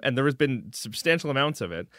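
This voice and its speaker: A man hosting a casual political chat, talking fast with a lively, swinging pitch and a teasing edge. The sound is close and dry. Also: dry recording. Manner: quick, animated, teasing. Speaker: podcast host.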